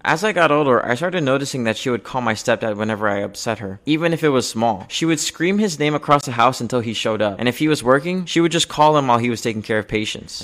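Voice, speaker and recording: A young man telling a personal story from his childhood in an earnest, measured way, going quiet on the painful moments. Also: medium pitch. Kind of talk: personal spoken-word storytelling.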